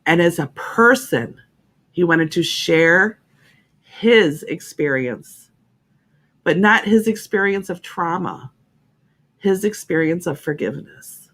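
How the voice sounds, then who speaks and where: A woman's voice: lowish voice, lively intonation, slow pace, pauses often, fairly bright tone. A woman hosting an internet radio talk show, speaking in a heartfelt, emphatic way and often repeating herself.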